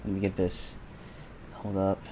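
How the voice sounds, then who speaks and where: Young man, podcast co-host, easygoing casual chat, fairly low voice. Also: monotone, measured pace, darkish tone, slight background noise.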